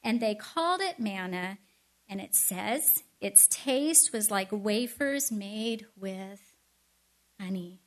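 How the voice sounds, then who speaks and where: A middle-aged woman giving a storytelling sermon with chatty, animated asides. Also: fairly high pitch, takes it slowly. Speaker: speaker at a Christian event.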